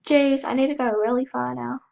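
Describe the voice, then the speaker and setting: A woman's voice: sits high, gravelly, darkish tone, lo-fi sound, slight background noise. A woman with a cold giving chatty, self-mocking commentary as she plays, gasping and squealing when startled. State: has a cold. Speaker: gaming channel host. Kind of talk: casual gameplay commentary.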